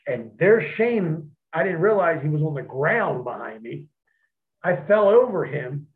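A man, a wrestler, telling profane, animated stories as an interview guest over a phone line. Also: on the high side, normal speed. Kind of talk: storytelling in an interview.

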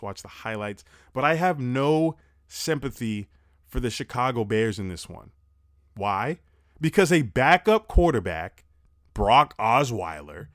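A young man hosting a casual football recap podcast, talking fast, animated and profane, breathing heavily into a close mic. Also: medium pitch, no echo. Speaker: sports podcast host.

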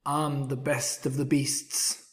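Man voicing a gruff storybook bear, sneering, slow delivery. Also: mid-range voice, flat delivery, close to an everyday voice. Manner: scornful, grumbling. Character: gruff big male bear, sulky and proud.

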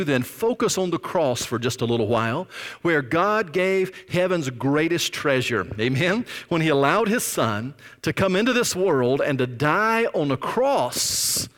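Man, pastor, sermon, lively swooping pitch, emphatic drawn-out words, church reverb. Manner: emphatic preaching, drawn-out stresses, drops to near whispers. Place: church sanctuary.

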